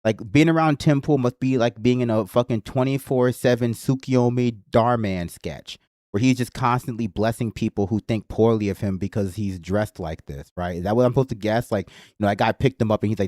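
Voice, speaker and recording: A man with a lowish voice picks apart a clip on his livestream in a sarcastic, mocking way. He swears casually as he talks. The sound is dry and close. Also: fairly quick, darkish tone, no room sound. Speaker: livestream commentator reacting to a clip. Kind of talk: sarcastic reaction commentary.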